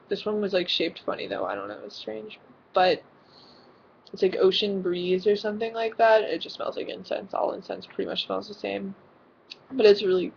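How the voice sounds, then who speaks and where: A woman's voice: mid-range voice, vocal fry, darkish tone, lo-fi sound, a little hiss or hum. A teenage girl vlogging casually from her bedroom, rambling with lots of fillers and giggles. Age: teens. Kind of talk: casual vlog chat. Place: own bedroom.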